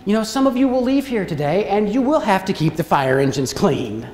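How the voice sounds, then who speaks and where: A middle-aged motivational speaker delivers a storytelling keynote. He is animated and acts out the characters in his stories. The sound carries the long, roomy echo of a large hall, with faint background noise. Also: sits high, brisk. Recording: echoey hall with long reverb.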